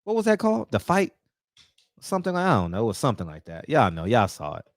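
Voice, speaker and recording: A man giving an animated, preachy boxing rant, talking straight to the viewers. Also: medium pitch, fast, no echo. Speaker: boxing commentator. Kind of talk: casual opinion rant.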